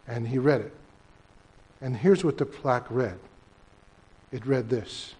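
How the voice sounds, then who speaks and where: An older man preaching a sermon as pastor, telling a story and swinging between loud emphasis and hushed, almost whispered lines. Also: mid-range voice, measured pace, pauses often, slightly rough.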